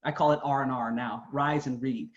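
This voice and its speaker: A man's voice: mid-range voice, steady tone, moderate pace, roomy sound. A man giving an earnest, emphatic motivational talk, telling his own story. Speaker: motivational speaker. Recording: dull lo-fi sound.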